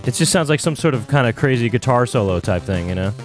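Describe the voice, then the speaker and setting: A man co-hosting a casual podcast, rambling and relaxed with lots of filler while game music plays. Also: medium pitch, fast. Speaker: podcast co-host. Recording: music playing behind.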